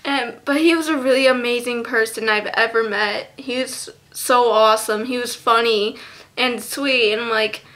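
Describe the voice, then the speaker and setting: A teenage girl vlogging a tribute to a lost friend, halting and close to tears, with many fillers. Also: fairly high pitch, fairly even intonation. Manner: halting, soft, full of fillers. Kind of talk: tearful memorial vlog.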